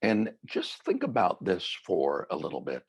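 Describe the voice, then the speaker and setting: Deep gravelly slow-talking male meditation guide. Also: huge pitch swings. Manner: slow, reflective, gently conversational. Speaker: mindfulness teacher. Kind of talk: guided mindfulness talk.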